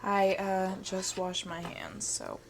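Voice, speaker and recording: A woman's voice: mid-range voice, slow pace, vocal fry, noisy background. Playful woman vlogging while cooking. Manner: playful and jokey, talking to camera while cooking. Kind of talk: casual cooking vlog talk. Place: home kitchen. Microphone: wearing a mic.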